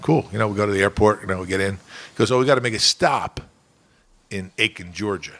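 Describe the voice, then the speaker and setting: A man telling a rambling, animated story on a casual podcast, full of fillers and quoted voices. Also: on the low side, fast talker.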